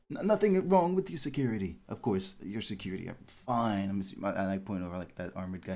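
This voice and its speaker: A man playing a tabletop game, talking in a rambling, hesitant way while trying to smooth things over. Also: fairly low pitch, dark tone. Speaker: player. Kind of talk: tabletop role-play.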